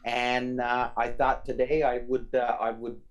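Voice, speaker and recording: A man's voice: mid-range voice, monotone, measured pace. A man from Newfoundland with a light Newfoundland accent, co-hosting a casual podcast chat over a remote call and rambling with lots of fillers. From Newfoundland, Canada. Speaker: podcast co-host.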